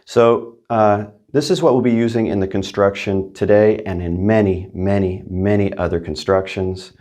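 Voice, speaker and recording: Deeper-voiced male teacher, patient lesson delivery that keeps asking the learner "okay?". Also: fairly even intonation, normal speed, a little mellow. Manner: patient, checks in with "right?" and "okay?". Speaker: Spanish teacher. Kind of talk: explaining grammar to learners.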